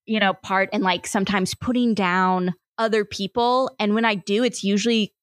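A woman's voice: mid-range voice, fairly even intonation, moderate pace, dry recording. A woman with a mid-range voice speaks candidly about a movie and herself. She leans on fillers as she thinks aloud. The sound is dry and close. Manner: candid, many fillers like "like" and "you know". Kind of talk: casual chat about a movie.

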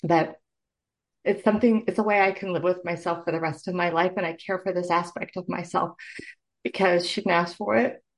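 A middle-aged woman who works as a nurse tells her personal story as an interview guest, speaking earnestly and from the heart, sometimes tearing up. Her voice is on the low side, steady and brisk.

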